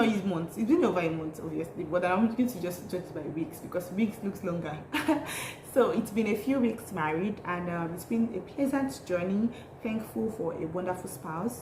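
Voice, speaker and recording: A young Nigerian woman vlogging in a bubbly, chatty way, laughing often as she tells a story. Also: mid-range voice. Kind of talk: casual chatty vlog. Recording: roomy echo, faint noise.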